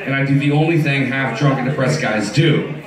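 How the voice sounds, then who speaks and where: A man's voice: mid-range voice, fairly quick. A man doing a stand-up set in a bar, telling stories in a profane, self-mocking, conversational way. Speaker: stand-up comedian. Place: bar stage with a live audience. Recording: roomy bar audio from far off, crowd noise. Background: loud bar crowd, laughter.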